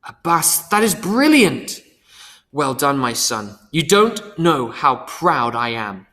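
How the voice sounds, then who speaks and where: A man voicing a proud older father who talks seriously and measured. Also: medium pitch, sing-song, sharp tone, heavily acted. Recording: long hall reverb.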